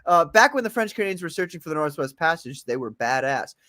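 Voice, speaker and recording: A man with a fairly high voice riffs through a comedic talk show, cursing freely and swinging between shouting bursts and muttered side remarks. The sound is dry and close, with no room around it. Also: big pitch swings, fast talker, no room sound. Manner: joking, swings from loud outbursts to mumbling asides; profane. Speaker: podcast co-host. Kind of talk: casual comedic chat.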